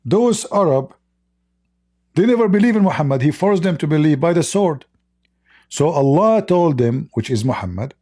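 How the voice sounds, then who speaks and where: A man's voice: on the high side, lively intonation, moderate pace, dark tone. A man hosting a live-stream religious debate, preaching to callers and taunting challengers. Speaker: host.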